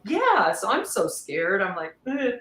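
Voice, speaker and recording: A woman's voice: medium pitch, moderate pace, over a noisy crowd. Woman telling her story, roomy sound. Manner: animated, laughs often, acts out quoted voices. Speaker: podcast guest. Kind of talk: candid conversational storytelling.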